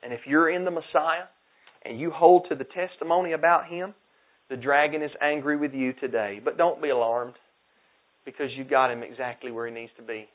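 Man, preacher, fervent sermon, loud then hushed, fairly high voice, tinny phone-like sound. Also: brisk. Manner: fervent, swinging from loud exhortation to hushed emphasis. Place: outdoor camp meeting in the woods.

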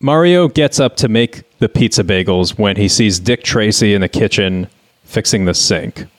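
Man, low pitch, dry close sound, deadpan reluctant reader. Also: normal speed, dry recording. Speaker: co-host, reader. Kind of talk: comedic script reading and chat.

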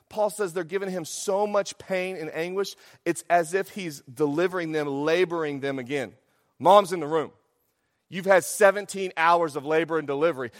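A man preaching a sermon as a pastor, animated, swinging between loud emphasis and quiet asides, in a church sanctuary. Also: high voice, moderate pace. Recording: long hall reverb.

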